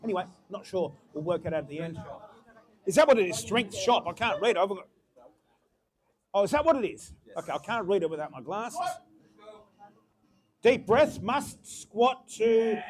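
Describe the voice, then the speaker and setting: A man announcing lifters at a powerlifting competition, chatty and musing aloud between loud cheers for good lifts. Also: sits high, animated, moderate pace, pauses often, crowd noise. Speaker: meet announcer. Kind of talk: live powerlifting commentary.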